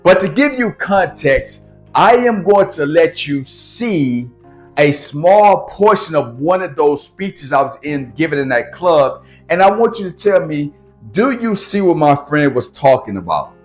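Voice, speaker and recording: A man's voice: a little high, very animated, a little slow, faint music behind. Plain-talking urban American man. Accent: urban American street dialect. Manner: plain-spoken street dialect. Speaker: storytelling coach. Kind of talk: casual talk to camera.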